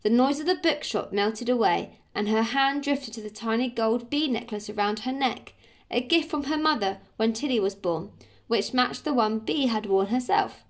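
Friendly English woman teacher reading a children's book to her class, slightly high. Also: normal speed. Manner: friendly, explains as she reads. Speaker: primary school teacher. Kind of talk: reading a story aloud to pupils.

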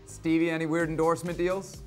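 A man hosting a sports talk show, moving briskly through questions and teasing his guests. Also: a little high, little pitch movement, darkish tone, soft background music. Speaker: host.

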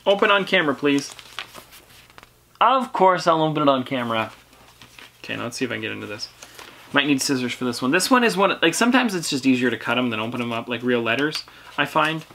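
A young vlogger talks casually at home in a bright, forward voice. The pitch sits right in the middle, and the delivery stays chatty and upbeat, with running asides to viewers between lines. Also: animated, quick pace, long pauses, slight background noise. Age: teenager. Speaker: YouTube collector channel host. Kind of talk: casual mail-opening vlog.

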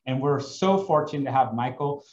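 A man's voice: mid-range voice, normal speed, a little mellow. A man hosting an online event, reading announcements and introducing the speaker in an upbeat way with some fillers. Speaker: host. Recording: echoey, dull lo-fi room with faint noise.

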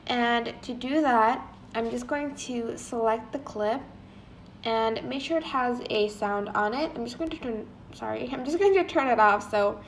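A woman's voice: a little high, a little hiss or hum. Chatty woman hosting an app tutorial. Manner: chatty, corrects herself with quick "sorry"s. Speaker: tutorial channel host. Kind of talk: casual screen-recorded app tutorial.

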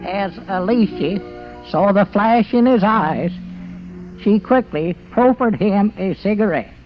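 An actor playing a simple-hearted old storekeeper with a folksy drawl, in 1940s radio comedy style. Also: male voice, sits high, takes it slowly, faint music behind. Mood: mock-romantic. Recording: dull noisy old radio recording.

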